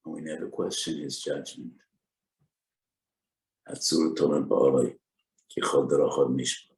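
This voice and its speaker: Rabbi lecturing on Jewish law: deep gravelly male voice, slow deliberate delivery, echoey room. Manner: deliberate, cites sources with Hebrew terms. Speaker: rabbi giving a Torah lecture.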